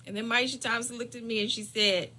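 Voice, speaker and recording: A woman host telling a personal family story in a lively, dramatic way, chatting directly with her listeners and dropping to whispers for suspense. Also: fairly high pitch, fast talker. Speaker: caregiving channel host.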